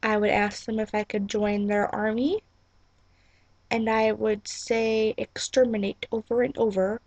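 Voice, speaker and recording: A woman's voice: fairly high pitch, little pitch movement, unhurried, darkish tone, dry recording. A young woman vlogging in casual, rambling chat, giggly and apologetic, with lots of "like" and "um", on a webcam mic in a small room at home.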